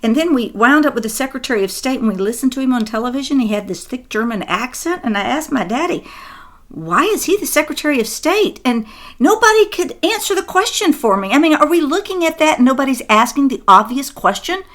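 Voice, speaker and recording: An emphatic woman co-hosting a political talk show, her voice sitting a little high. She chats in a conversational way, stressing her points and slipping in asides. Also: animated, quick pace, a bit bright. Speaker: co-host. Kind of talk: political commentary chat.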